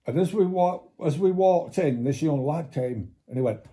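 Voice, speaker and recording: A man's voice: on the high side, normal speed, dark tone. A man telling a long anecdote in casual chat, swearing freely and acting out what others said. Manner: swears freely, mimics voices in quotes. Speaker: storyteller.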